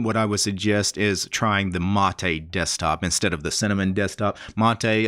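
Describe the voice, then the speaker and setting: A middle-aged man hosting a tech channel, walking through a software tutorial in a relaxed, explanatory way with nerdy asides. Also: on the low side. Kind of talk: screen-recorded software tutorial.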